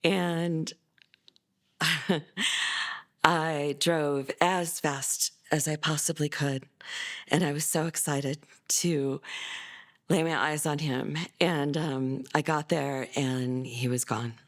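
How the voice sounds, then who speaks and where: A middle-aged woman from California telling a personal story, unhurried and halting, with many pauses and fillers. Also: low voice, steady tone. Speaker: interviewee, mother.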